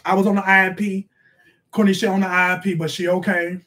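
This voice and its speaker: A man's voice: sits high, level tone, sharp tone. A man playing a bossy, sassy middle-aged mother who scolds her kids while hosting a live stream from a bedroom. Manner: scolding, brash, quick to snap at the kids. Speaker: live stream host reading donations. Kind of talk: comic live-stream character sketch. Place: bedroom at home.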